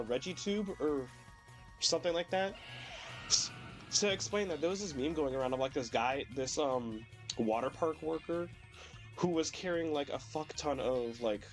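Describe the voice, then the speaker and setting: Sick young man rambling over gameplay. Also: on the high side. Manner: rambling, filler-heavy, swears casually. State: sick, voice cracking. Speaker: streamer. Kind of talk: casual gameplay commentary.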